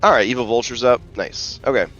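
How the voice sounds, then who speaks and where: A man narrating as game master in a casual online tabletop session, relaxed and hesitant with many fillers. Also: mid-range voice, fairly quick, muffled recording, faint music behind.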